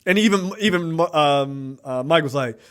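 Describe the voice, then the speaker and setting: Co-hosting a laid-back movie review podcast, this man talks at normal speed in a voice on the high side with a clean tone. He gets animated and performs the characters' lines himself.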